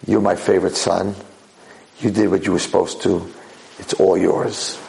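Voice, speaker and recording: A man voicing a wise, loving father, speaking in a measured, reassuring way. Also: low voice, little pitch movement, creaky, a little mellow, pitched below the performer's own voice, low-quality recording.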